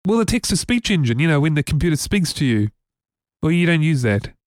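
A man's voice: fairly high pitch, sing-song, a little fast, no echo, studio quality. A man from New Zealand co-hosting a casual tech podcast, chatty and rambling with many fillers. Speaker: podcast co-host.

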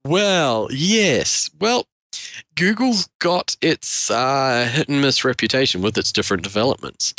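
A man's voice: medium pitch, animated, measured pace, a bit bright, no room sound. A man co-hosting a casual tech podcast, joking wryly and laughing often. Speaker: podcast co-host.

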